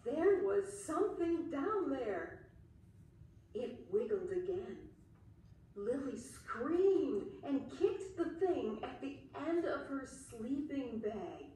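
A woman reading a children's story aloud in a slow, expressive way. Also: sits high, recorded from a distance. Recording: echoey room, a little off mic.

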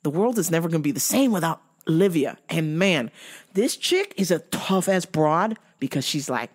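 A woman's voice: low voice, lively intonation, moderate pace, slightly rough. A middle-aged woman hosting a podcast in loose, profane chat, swearing freely and often breaking into song. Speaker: podcast host. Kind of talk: casual profane chat with bursts of singing.

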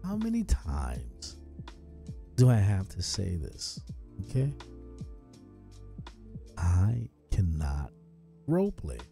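A man chatting casually on a gaming live stream, excitable, swearing and calling everyone "dude". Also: deep voice, takes it slowly, gravelly, pauses often, soft background music.

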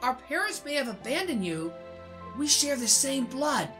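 A woman's voice: high voice, very animated, moderate pace, music in the background. A woman reading the lines of a proud older brother in a game, firm and intense. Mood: reassuring.

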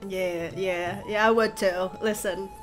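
A woman's voice: mid-range voice, slow, soft background music. A woman with a congested, nasal voice from being sick, hosting a reaction video in rambling casual chat full of fillers and swearing. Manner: chatty, rambling with fillers and swearing, gushing excitedly while reacting. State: congested and recovering from illness, coughing.

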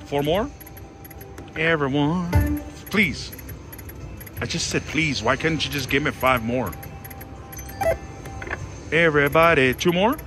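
A man giving excited live commentary as he plays slots in a casino, pleading with the machine and making dramatic exclamations. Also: a little high, takes it slowly, long pauses. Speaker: slot machine vlogger. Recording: loud casino slot machine music behind. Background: slot machine music.

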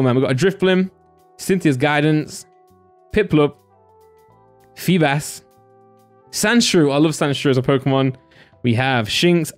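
Man, slightly higher voice, casual card-opening commentary, excitable and chatty, faint music behind. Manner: chatty and excitable, with many fillers like "like" and "you know". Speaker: card-opening channel host.

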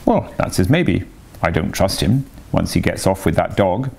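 A man's voice: low-pitched, big pitch swings, moderate pace, creaky, darkish tone, husky, full character voice. A man voicing a large, hearty canal barge woman who talks in a bluff, friendly way.

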